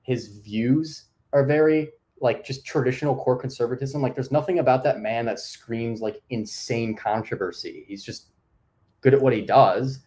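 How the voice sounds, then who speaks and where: A man's voice: mid-range voice, normal speed, a little mellow. A young man guesting on a podcast, easygoing and chatty, peppering his talk with "like". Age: young adult. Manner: easygoing, filler-heavy with frequent "like". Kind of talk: casual chat.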